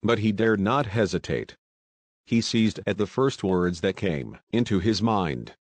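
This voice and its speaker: A man narrating a novel aloud in a steady, measured reading voice. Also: fairly low pitch, no room sound. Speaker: audiobook narrator. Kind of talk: scripted narration.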